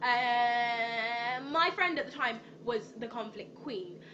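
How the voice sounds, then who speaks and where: A woman's voice: fairly high pitch, takes it slowly, pushed and bright, highs cut off. A young woman rambling through a storytime vlog, with lots of ums and restarts. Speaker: vlogger.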